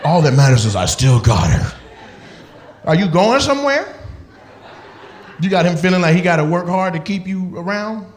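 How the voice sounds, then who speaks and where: A man's voice: high-pitched, sing-song. A male comedian doing profane, teasing crowd work with audience members. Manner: teasing, profane, quick banter. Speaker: stand-up comedian.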